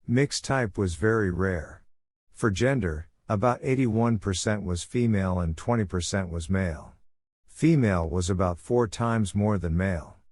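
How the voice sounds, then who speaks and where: A middle-aged Japanese physician with a Japanese accent gives a prepared conference lecture, reading steadily from his slides in a measured manner. His voice is deep and a little mellow, with no echo in the recording.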